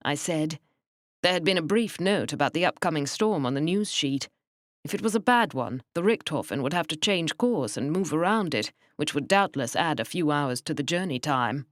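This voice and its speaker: A woman narrating an audiobook in a measured, wry first-person manner. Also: low-pitched, expressive, no room sound.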